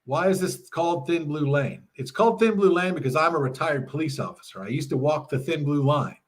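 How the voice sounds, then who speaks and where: Sitting in his home RV, a middle-aged livestream host reads his chat aloud and talks casually with viewers, laughing frequently. He speaks fairly quickly in an expressive, fairly high voice.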